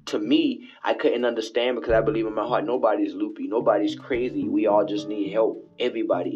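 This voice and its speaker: A man hosting his own podcast alone in his bathroom, rambling and preaching in a late-night monologue that keeps circling back and repeating itself. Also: lowish voice. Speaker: podcast host. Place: bathroom at home. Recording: dull lo-fi home recording with faint music.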